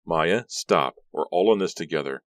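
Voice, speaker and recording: Guy doing a worried teen girl, exasperated, a bit higher than his own deep voice, audiobook. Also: animated, moderate pace, no room sound, clean studio sound. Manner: pleading, exasperated.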